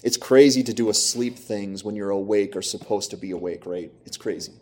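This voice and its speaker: A man's voice: fairly low pitch, brisk, dark tone. Emphatic male preacher. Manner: emphatic preaching with rhetorical questions and repetition. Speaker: pastor. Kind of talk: sermon.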